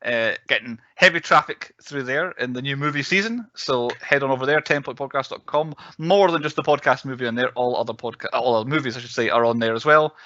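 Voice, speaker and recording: Bright-voiced man hosting a podcast. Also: mid-range voice, quick pace, hardly any pauses, dry recording. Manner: rambling, with lots of fillers and self-corrections. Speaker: podcast host. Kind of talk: casual chat. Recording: dull, dry recording.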